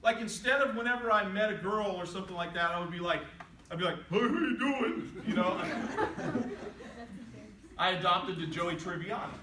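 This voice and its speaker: A middle-aged man giving a playful, animated inspirational talk to students in a large hall, telling stories and acting out quotes. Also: sits high, brisk, long pauses. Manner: playful, animated storytelling with jokes and acted-out quotes. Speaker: motivational speaker. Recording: echoey hall, voice from a distance.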